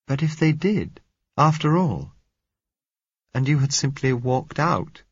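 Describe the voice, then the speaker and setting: A man's voice: mid-range voice, animated, slow pace, breathy edge, dry recording, pitched above the performer's own voice, full character voice. A man voicing an earnest, faltering eighteen-year-old blind young woman in a story reading. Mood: pleading. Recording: dull lo-fi recording.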